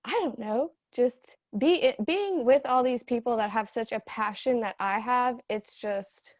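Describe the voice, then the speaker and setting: Young woman, slightly high voice, sincere storyteller, filler-heavy; dry, muffled lo-fi recording. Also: a little slow, no echo. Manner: earnest, heartfelt storytelling with many fillers. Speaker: idol dance group member. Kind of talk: casual group Q&A chat. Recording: dull, dry lo-fi audio.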